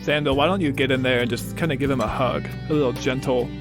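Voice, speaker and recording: A man's voice: mid-range voice, steady tone, fast talker, music in the background. A man playing a tabletop game, talking in hesitant stammering restarts. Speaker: player.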